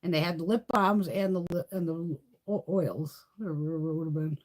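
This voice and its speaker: A middle-aged woman hosting a beauty livestream, telling stories in a loose, animated way, swearing freely and laughing often. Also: lowish voice, normal speed. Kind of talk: casual chat.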